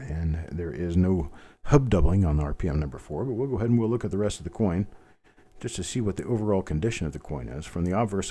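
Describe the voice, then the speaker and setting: Folksy Midwestern man with a mellow low voice. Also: breathy edge. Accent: general Midwestern American. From American Midwest. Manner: chatty, rambling asides, folksy. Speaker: coin hobby livestream host. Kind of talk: live unboxing commentary.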